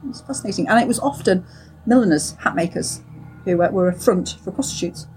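A chatty middle-aged woman co-hosts a podcast and laughs often. Her voice is mellow and warm, and faint music plays in the background. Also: medium pitch, animated, a little fast. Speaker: podcast co-host. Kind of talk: casual chat.

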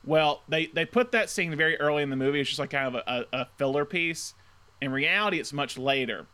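A man co-hosting a podcast, chatting casually about a film in quick, animated run-on recaps. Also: fairly high pitch, clean tone. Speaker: podcast co-host.

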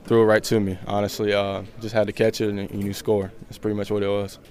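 A young man in his twenties, a football player answering a post-game interview in a halting way. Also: on the low side, completely flat delivery, a little mellow. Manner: halting, with many fillers and restarts.

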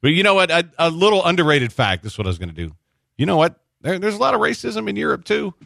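A man's voice: high-pitched, sing-song, quick pace, vocal fry, fairly bright tone, no room sound, studio quality. A man hosting a sports radio show, talking in loose casual banter with lots of restarts. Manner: rambling, frequent restarts and uhs.

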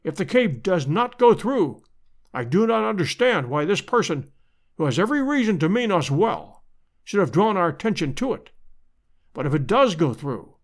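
A man reading as a pompous lecturing professor. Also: high-pitched.

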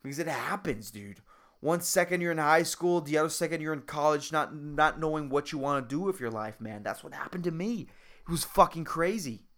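Excitable young man swearing through a story. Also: a little high, a little fast. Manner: excitable, swears a lot, keeps saying dude. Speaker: podcast host. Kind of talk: casual solo podcast monologue.

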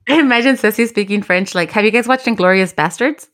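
A woman with a bright, forceful voice co-hosting a podcast. She tells stories animatedly and mixes in the odd Spanish phrase. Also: mid-range voice, quick pace. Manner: animated storyteller, acts out quotes, mixes Spanish. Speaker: podcast co-host. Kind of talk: casual chat.

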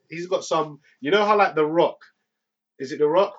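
A man's voice: on the high side, normal speed, a bit bright. A man co-hosting a casual film chat, joking and teasing his co-host. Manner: joking, teasing, laughs often. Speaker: podcast co-host. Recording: dull lo-fi sound.

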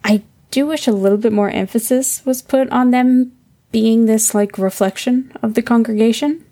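Woman with a gravelly voice, relaxed, walking through a tv episode recap. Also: fairly high pitch, normal speed. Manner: relaxed, affectionate, leads the recap. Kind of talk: casual chat recapping a TV episode.

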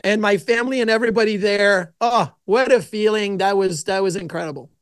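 A middle-aged man, a podcast guest, telling stories in an animated way and acting out his own quotes. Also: sits high, fairly quick, clear, resonant tone, no room sound. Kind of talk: casual storytelling interview.

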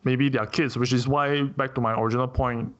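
A man's voice: medium pitch, steady tone, a little fast. A man from Singapore giving a serious, insistent opinion, posing rhetorical questions. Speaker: interviewee. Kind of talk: earnest opinion talk. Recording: dull lo-fi sound.

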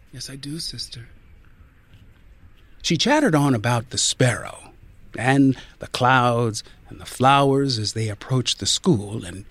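A man reading a story aloud, with expressive, deliberate narration. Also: mid-range voice, slightly rough, dry recording. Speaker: reader.

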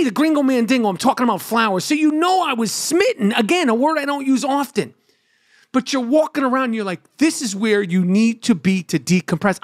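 A middle-aged man, telling a profane, animated story as a podcast host. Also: extremely high pitch, dry recording, clean studio sound. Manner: animated, brash, lots of swearing.

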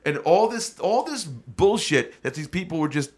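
A man hosting a casual podcast chat who talks in an animated, rambling way with frequent restarts. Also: on the high side, normal speed, hardly any pauses.

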